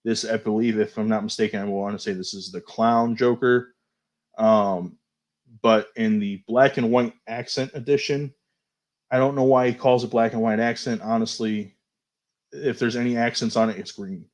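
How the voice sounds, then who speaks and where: A man hosting a toy show, casually going over new action figures, chatty and unhurried, often hedging and fumbling for names. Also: lowish voice, fairly even intonation. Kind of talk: casual toy news review.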